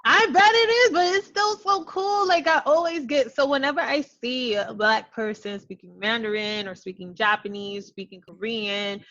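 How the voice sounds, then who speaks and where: A woman hosts a casual interview over a video call. Her voice sits fairly high, and she talks in animated, rambling bursts with frequent laughs. The sound is muffled and lo-fi. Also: moderate pace, few pauses. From New York. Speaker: interview host. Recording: dull lo-fi sound.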